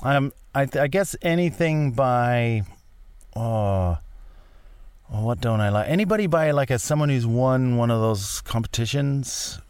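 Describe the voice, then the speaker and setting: A man in his forties talks in a loose, rambling way, poking fun at himself and tripping over restarts. His voice sits at an ordinary middle pitch. The sound is dry and close, with no room around it. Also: animated, a little slow, a little mellow, clean tone, dry recording. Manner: rambling, self-deprecating, frequent restarts. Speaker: podcast guest. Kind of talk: casual chat.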